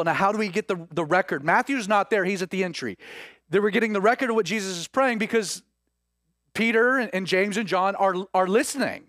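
A man's voice: high-pitched, fairly quick, a bit bright, dry recording. A man preaches a sermon. He retells scripture as a story, acting out the quoted speech and restarting his phrases. His voice sounds close and dry. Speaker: pastor.

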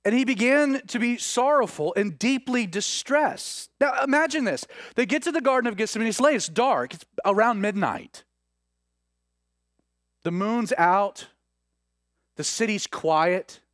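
A man's voice: extremely high pitch, expressive, unhurried, a bit bright, no room sound, studio quality. A man preaching a sermon, retelling scripture as a story and acting out the quoted speech with many restarts. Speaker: pastor.

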